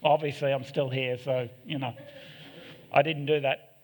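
A man's voice: mid-range voice, flat delivery, unhurried. A middle-aged man, preaching a sermon in a candid, self-deprecating way with joking asides. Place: church hall. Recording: long echo of a church hall.

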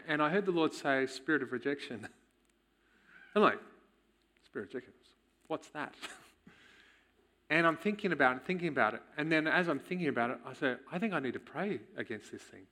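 Male church speaker, candid testimony, forceful bright tone. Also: on the high side. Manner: candid, storytelling, quick chuckles. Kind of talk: personal testimony in a sermon.

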